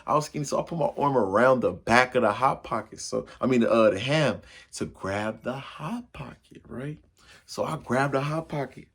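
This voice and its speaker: A man telling a funny personal story to his viewers in a casual, slangy way, acting out the crashes and his own yells. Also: mid-range voice, moderate pace, breathy edge. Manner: animated, acts out yells and crashes.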